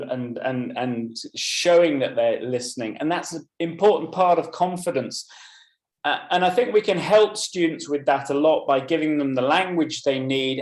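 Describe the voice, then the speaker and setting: A man presenting a live webinar for English teachers, explaining points in a measured way and picking up comments from the chat. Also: on the high side. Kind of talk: live teaching webinar, talking through slides. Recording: roomy echo.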